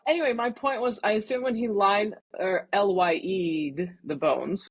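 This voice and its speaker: A woman's voice: medium pitch, a little slow, husky, no room sound. A woman co-hosting a podcast about a novel, chatty and laughing, often correcting herself. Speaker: podcast co-host. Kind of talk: casual book-club chat. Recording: dry, dull lo-fi podcast audio.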